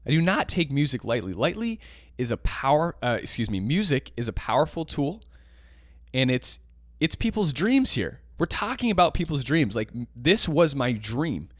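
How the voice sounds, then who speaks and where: A podcast host delivers a passionate, emphatic rant about teaching jazz piano, his monologue circling back and repeating itself. His medium-pitched voice is recorded with studio quality and no echo.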